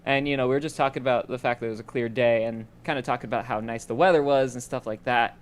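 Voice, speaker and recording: A man's voice: mid-range voice, steady tone, fast, clean tone. A young man from Idaho, a podcast co-host, telling a rambling story in casual chat and laughing as he goes. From Boise, Idaho.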